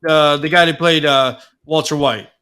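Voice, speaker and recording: Bright-voiced man host, rambling. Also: fairly high pitch, steady tone, moderate pace, clean tone. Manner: rambling, many fillers. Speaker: podcast host. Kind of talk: casual chat.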